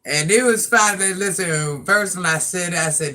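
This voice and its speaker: Speaking at an ordinary pace in a lowish, bright and forceful voice, this fifty-something woman runs a relaxed livestream. She spins stories for her audience, often chuckling at her own expense.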